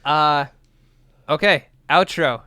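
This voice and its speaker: A man's voice: a little high, slow, sharp tone, slight background noise. A man co-hosting a podcast, telling a story in casual chat, acting out the quotes, swearing freely and laughing often. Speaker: podcast co-host.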